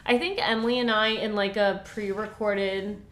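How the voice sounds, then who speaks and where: A young woman co-hosts a book podcast in a casual, giggly chat. Her speech is full of filler likes, and she sometimes slips into a whisper. Her voice sits at a middle pitch, and the room adds a noticeable echo. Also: steady tone, moderate pace, a bit bright, a little hiss or hum. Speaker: podcast co-host.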